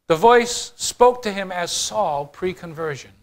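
Pastor preaching, male, high voice, swings between loud declarations and quiet asides, asks the congregation questions. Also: lively intonation, unhurried. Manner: addresses the congregation directly with questions. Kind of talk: sermon.

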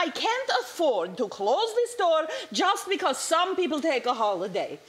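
A woman's voice: high voice, very animated, unhurried, fairly bright tone, exaggerated voice. An actress playing a fretful, sighing immigrant mother who runs a store, in a stage play.

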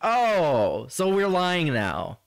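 A man's voice: high voice, huge pitch swings, very slow, vocal fry, clear, resonant tone, no room sound. Blunt, sarcastic man with a dry, close sound. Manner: blunt, sarcastic, swears freely. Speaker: podcast host reacting to a stream. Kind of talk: casual reaction commentary.

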